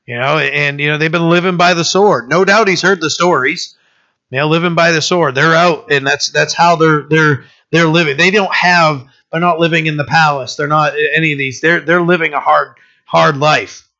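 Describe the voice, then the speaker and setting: A man's voice: on the high side, gravelly, sharp tone, dull audio. A man teaching a Bible study in a casual, conversational way, with many restarts and fillers.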